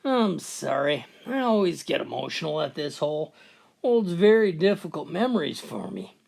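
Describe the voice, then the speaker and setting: A man's voice: fairly high pitch, sing-song, moderate pace, gravelly, a little mellow, exaggerated voice. A man voicing a grieving older golfer who tells a sad story in a dry, matter-of-fact way. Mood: mournful.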